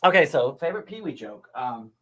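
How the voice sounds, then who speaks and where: A man's voice: fairly high pitch, sing-song, brisk, pushed and bright. Chatty man telling a silly joke. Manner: chatty storyteller, many fillers and restarts. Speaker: makeup artist guest. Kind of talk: casual chat.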